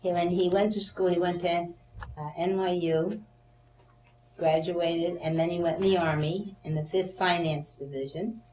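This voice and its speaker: In an oral history interview, an elderly woman tells her recollections at a moderate pace in a lowish voice. Lively and often laughing, she mimics the voices of those she remembers. The room echoes, she is slightly off-mic, and a faint hum runs underneath.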